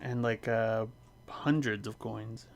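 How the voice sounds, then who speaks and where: Slow, gravelly male game master, hesitant and filler-heavy over voice chat. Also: fairly low pitch, fairly even intonation, slight background noise. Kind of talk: describing a tabletop game scene.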